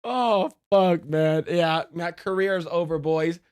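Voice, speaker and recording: A man's voice: on the high side, takes it slowly, darkish tone, smooth. A man streaming live, reacting to his chat in a defensive, joking way, swearing and laughing often.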